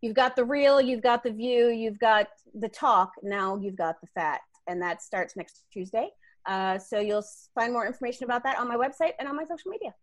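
A woman comedian guests on a podcast, bubbly and quick to laugh. Her voice sits a little high. She plugs her shows in a casual, playful way. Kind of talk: casual chat.

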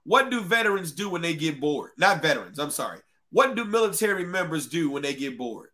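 Brief: livestream host, casual and profane, with a fairly high, bright voice. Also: male voice, big pitch swings, brisk. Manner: casual, profane, talks straight to chat.

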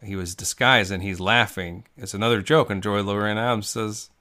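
Bright-voiced man riffing on a comedy podcast. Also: lowish voice, brisk. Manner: rambling improvised bits, deadpan asides. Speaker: podcast co-host. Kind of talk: comedic movie-riff chat.

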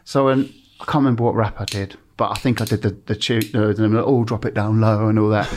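A man's voice: fairly low pitch, flat delivery, a little fast, darkish tone, slight background noise. An English man, a former football TV presenter, telling stories as a podcast guest, swearing freely, laughing through them and acting out what people said. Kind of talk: anecdotal storytelling. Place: podcast studio.

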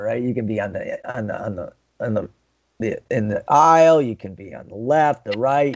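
Man, gravelly voice, casual rambling chat, dry dull recording. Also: mid-range voice, darkish tone, dry recording. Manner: rambling, lots of restarts.

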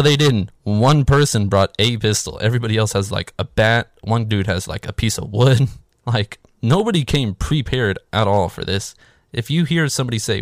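A man's voice: on the low side, dry recording, studio quality. A man giving a casual, sarcastic, profane recap of a film, rambling with lots of filler words. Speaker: movie recap host.

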